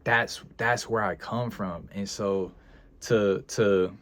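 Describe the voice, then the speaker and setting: Deep-voiced man, earnest and emotional. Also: steady tone, slow, fairly bright tone. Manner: earnest, emotional, repeats himself, sighs and hesitates. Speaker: freelance video editor vlogger. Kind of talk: reflective casual vlog talk.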